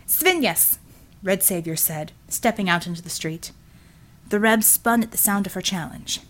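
Woman, audiobook narrator, scripted narration, measured, mid-pitched voice.

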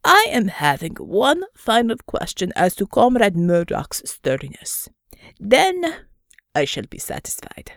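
A woman voicing a gruff, hungry male Russian bear with a Russian accent and broken English. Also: mid-range voice, wildly swooping pitch, unhurried, a bit bright, no room sound, studio quality, exaggerated voice. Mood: probing.

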